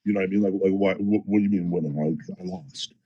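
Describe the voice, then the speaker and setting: A man telling a story in a casual podcast chat, animated and profane, as a powerlifter guest. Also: sits low, quick pace, highs cut off. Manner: animated, profane, fired-up retelling.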